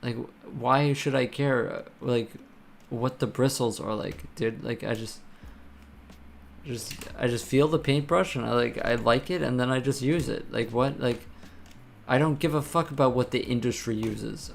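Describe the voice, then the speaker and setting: A man's voice: mid-range voice, unhurried, vocal fry, a little hiss or hum. A man live-streaming while programming, chatting casually and ranting with lots of swearing and filler words.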